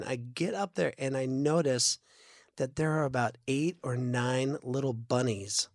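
A man hosting a church podcast, telling stories in a casual chat with lively, animated delivery and quick restarts. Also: medium pitch, no room sound, clean studio sound. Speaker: podcast host.

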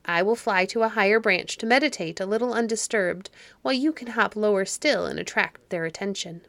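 A gentle, polite little bird, as a woman reads him. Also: medium pitch, brisk, gravelly, dry recording. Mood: gracious. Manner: gentle, yielding. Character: polite thoughtful male bird.

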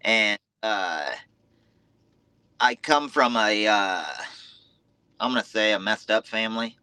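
A man's voice: on the low side, slow pace, sharp tone, smooth, no echo. A man, a dirt bike racer talking frankly and easily as a podcast guest. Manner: easygoing, frank, casual filler words. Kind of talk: casual chat.

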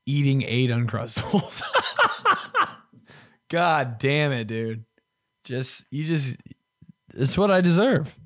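A young man hosts a podcast and tells crude, self-mocking stories in a loose, chatty way. His voice sits in a middle pitch and often swings between loud and hushed. The sound is dry and close, with no room echo. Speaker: podcast host. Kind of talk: casual storytelling.

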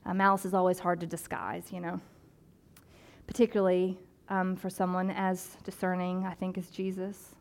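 A woman pastor preaches a sermon in a conversational, animated way, adding casual asides and using playful voices for the people she describes. Her voice is lowish and creaky, at a normal speed.

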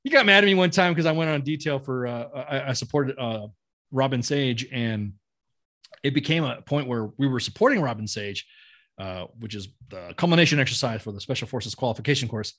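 A man's voice: mid-range voice, a little fast, a bit bright. A middle-aged man, a non-native English speaker and army veteran, telling war stories in a blunt, profane, rambling way full of restarts. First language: not English. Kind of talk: casual storytelling.

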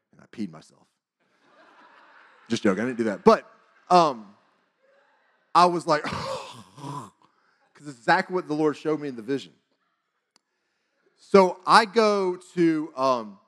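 A man in his forties shares a church testimony in a lively, casual voice and acts out every line of dialogue. His voice sits higher than most men's. The talk sounds loose and conversational. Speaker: church speaker. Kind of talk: testimony storytelling.

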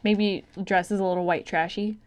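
A female podcast co-host in relaxed, unscripted conversation. She thinks out loud in rambling stretches. She swears casually and laughs easily. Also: medium pitch, moderate pace. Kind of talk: casual film-review chat.

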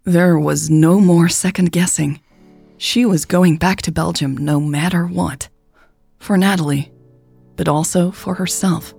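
A woman narrating romance fiction in a measured, even storytelling voice. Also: fairly low pitch, creaky, husky, soft background music. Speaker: podcast author and narrator.

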